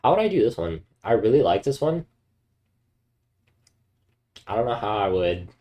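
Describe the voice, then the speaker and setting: Young man, very deep voice, laid-back casual chat, lots of fillers. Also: very animated, normal speed, warm tone. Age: young adult. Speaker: streamer.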